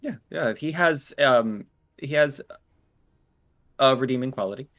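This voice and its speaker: A man playing a tabletop game, deadpan and a little hesitant in casual table chat. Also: medium pitch, a little slow. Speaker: player.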